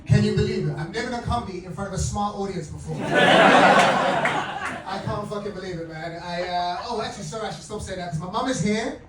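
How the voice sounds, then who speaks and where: A man from England doing a live stand-up set, excitable and laughing often as he works the crowd. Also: high voice, a little fast, over loud music. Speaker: stand-up comedian. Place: comedy club stage. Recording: roomy club recording from a distance, with loud crowd. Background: loud laughing audience.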